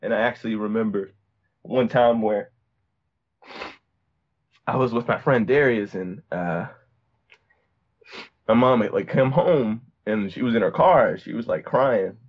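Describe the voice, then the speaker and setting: A man's voice: fairly low pitch, measured pace, long pauses, muffled recording. A young man from Virginia telling a personal story in a casual, rambling way, full of fillers and restarts. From Virginia, USA. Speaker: podcast guest.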